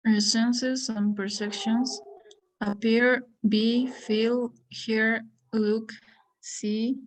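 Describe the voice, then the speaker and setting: Woman student heard from away from the mic, very slow, even list reading. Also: fairly high pitch, far from the mic, rough recording. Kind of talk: reading word lists aloud.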